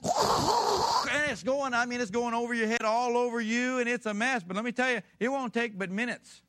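A man preaching a sermon to a congregation, emphatic and fond of rhetorical questions, building from quiet storytelling to loud exhortation. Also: very high-pitched, steady tone, quick pace, slight background noise.

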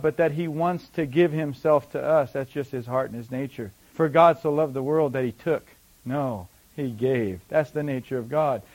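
A man preaching a sermon, reading scripture slowly and then explaining it in a conversational way with rhetorical questions that build to emphatic peaks. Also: fairly high pitch, dull audio. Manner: reads scripture slowly and deliberately. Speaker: pastor.

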